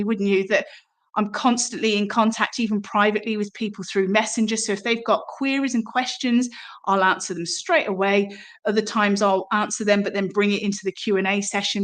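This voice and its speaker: A middle-aged woman, a somatic movement teacher, talking directly to listeners in an encouraging, chatty way and asking them questions. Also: mid-range voice. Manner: warm, encouraging direct address with rhetorical questions. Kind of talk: podcast-style promotional talk.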